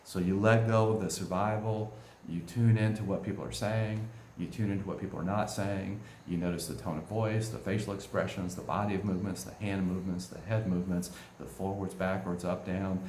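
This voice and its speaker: A man with a very low voice teaches in an easygoing way, often ending his points with a quick "right?" He sounds like a coach giving a talk. The recording has a roomy echo. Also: steady tone, a little mellow, a little hiss or hum. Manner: conversational, keeps asking "right?".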